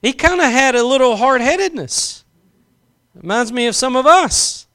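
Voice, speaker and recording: A man's voice: very high voice, animated, moderate pace, fairly bright tone, clear, resonant tone. A man preaching a sermon, impassioned, drawing out key phrases for emphasis and acting out quotes.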